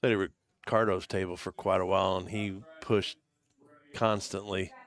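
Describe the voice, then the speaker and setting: A man with a fairly low voice chats through a live poker stream alongside his co-host. He comes across as laid-back and easily impressed, and he talks loosely and conversationally. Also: little pitch movement, moderate pace, fairly bright tone, no echo. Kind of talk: casual live-stream commentary.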